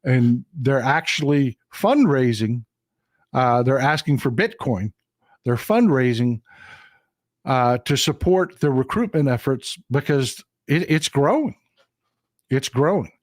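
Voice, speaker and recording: A man's voice: medium pitch, lively intonation, slow, dry recording, clean studio sound. A man hosting a live-streamed political commentary show, talking through a map and repeating lines for emphasis. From Texas. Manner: emphatic, repeats phrases for stress.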